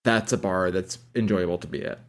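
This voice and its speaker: A man's voice: deep voice, steady tone, fairly quick. Laughing, swearing podcast co-host, a man. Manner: swears freely and laughs while talking. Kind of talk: casual chat.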